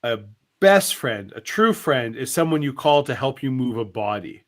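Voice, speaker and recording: A man's voice: medium pitch, big pitch swings. A man co-hosting a live stream, chatting casually and rambling through jokes and food talk. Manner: rambling, jokey, drawn-out. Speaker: co-host.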